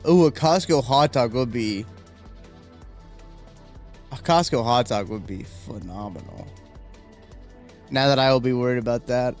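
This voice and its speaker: A man hosts a casual live stream from home, rambling and chatting as he reads viewer comments aloud. His pitch sits in an ordinary middle range, with faint music playing underneath. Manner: rambling, chatty, reacts to chat, yawning. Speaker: livestream host.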